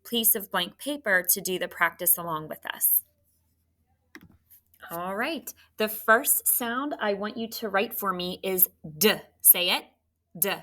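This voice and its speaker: A woman teaching a phonics lesson on video, giving clear step-by-step instructions to students in class and at home. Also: medium pitch, bright, forceful tone.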